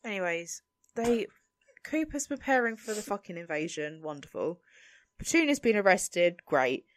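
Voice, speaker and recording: A woman's voice: medium pitch, very animated, normal speed. A woman co-hosting a casual podcast, ranting about a film with sarcastic, sweary exasperation. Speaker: podcast co-host.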